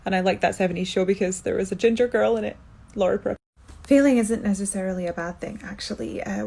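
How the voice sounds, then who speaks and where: A tired Scottish woman in her thirties chats casually at home, sounding half asleep. Her pitch jumps up now and then when she is excited. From Scotland. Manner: chatty, with lively upward jumps in pitch. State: low energy, half asleep. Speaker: actor answering fan assumptions. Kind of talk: casual chat. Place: indoors at home, in one room.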